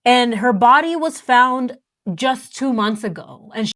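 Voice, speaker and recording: A woman's voice: fairly high pitch, lively intonation, a little slow, background noise. Incredulous woman hosting a true crime reaction. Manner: incredulous, questioning. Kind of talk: reacting and reading out search results.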